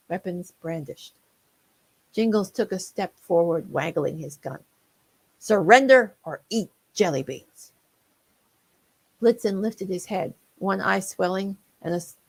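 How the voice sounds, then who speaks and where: A woman author narrating her own comic holiday story in a lively, playful reading. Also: mid-range voice.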